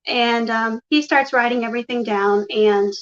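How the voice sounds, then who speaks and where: A woman's voice: fairly high pitch, fairly even intonation, moderate pace. A woman guest telling her personal story in a rambling way, retelling conversations with "he's like" and "I'm like". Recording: dull, muffled lo-fi audio.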